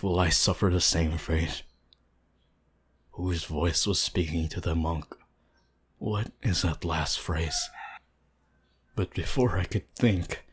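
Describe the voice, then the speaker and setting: A man narrating a horror story in a hushed, tense, deliberate way. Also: a bass voice, husky.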